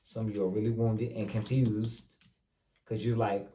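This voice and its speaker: Male tarot reader, low mellow voice, casual and repetitive; roomy, distant sound. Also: level tone, normal speed, lo-fi sound. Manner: loose, repeats himself, talks straight to viewers. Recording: roomy, distant mic with faint noise.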